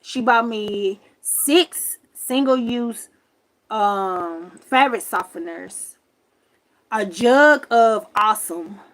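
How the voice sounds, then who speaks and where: A woman in her forties telling a story on a livestream from her grandmother's home, animated and emphatic, swearing freely. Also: medium pitch, very slow. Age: 40s. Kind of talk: casual storytelling rant.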